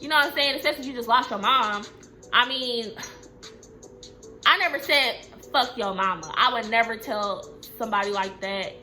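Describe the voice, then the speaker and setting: A young woman with a bright, forceful, fairly high voice tells a storytime over faint music. She's blunt and cursing, and her pitch leaps when she acts out what people said. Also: normal speed. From Texas. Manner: blunt, profane and animated, acting out quotes with big pitch jumps. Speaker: vlogger telling a storytime. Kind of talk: casual storytime monologue.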